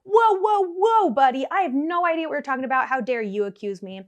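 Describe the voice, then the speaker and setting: A woman's voice: high-pitched, lively intonation, quick pace, voice pushed up. A woman voicing a distraught young fiancée who talks in a frantic, dramatic way, in a storytime vlog. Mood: defensive.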